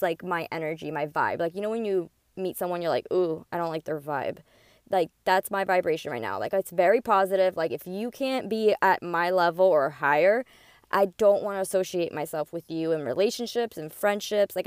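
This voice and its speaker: A woman's voice: lowish voice, no room sound, clean studio sound. A woman hosting her own podcast, talking in a chatty, upbeat way full of "like" and "you know.". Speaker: podcast host. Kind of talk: casual podcast monologue.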